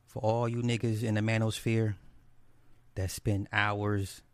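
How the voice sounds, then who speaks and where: A man with a fairly low voice rants straight to the audience, blunt and scornful. He hammers each point by saying it twice and swears without a second thought. The sound is dry and close, with no room around it. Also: flat delivery, unhurried, clean tone, dry recording. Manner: emphatic, repeats points for stress. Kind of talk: ranting monologue commentary.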